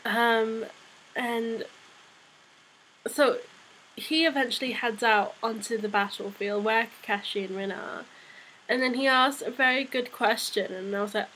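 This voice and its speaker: A young woman reviewing a comic chapter in a chatty, excitable, rambling way, sounding a little unwell. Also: fairly high pitch, a little slow, breathy edge, poor audio. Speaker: manga reviewer. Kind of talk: casual fan review vlog.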